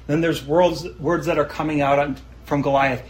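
A man's voice: a little high, steady tone, normal speed, poor audio. A man preaching a sermon, reading scripture aloud and then explaining it in an earnest, conversational way, often asking his listeners questions.

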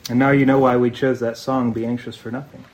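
A man's voice: mid-range voice, level tone, quick pace, a little mellow. A man preaching a sermon in an earnest, conversational way, often asking his listeners rhetorical questions. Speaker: pastor.

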